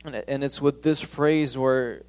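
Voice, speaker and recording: A man delivers a sermon in a church with an emphatic, pressing delivery. He often stumbles over his phrases and restarts them as he drives his point home. His voice sits at a middle pitch for a man. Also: steady tone, unhurried, darkish tone, clear, resonant tone. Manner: emphatic, with frequent stammered restarts. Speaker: preacher.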